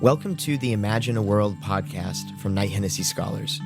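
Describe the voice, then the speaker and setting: A young man co-hosts a podcast with relaxed, joking banter. His voice sits fairly low. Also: a little fast, creaky, music in the background. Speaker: podcast co-host. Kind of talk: casual podcast chat.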